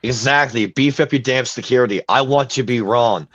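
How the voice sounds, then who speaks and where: Speaking at medium pitch and a moderate pace, a man hosts a podcast where he reads out news items and gives his blunt, opinionated take, with a few fillers, in casual chat. His voice is a bit bright, though the recording is dry with a dull lo-fi sound.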